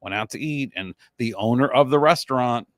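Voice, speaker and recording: A middle-aged man hosts a casual live stream, rattling off stories and banter at a quick clip. His voice sits at an ordinary pitch, recorded close and dry with little room sound. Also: dry recording. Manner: chatty storyteller, quick and animated. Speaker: host.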